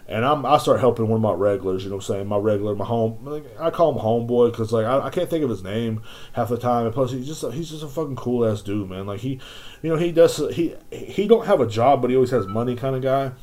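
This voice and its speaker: A man's voice: medium pitch, quick pace, a little mellow. A man hosting a podcast, telling a rambling, profane story about his job as a store clerk. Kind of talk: casual rant.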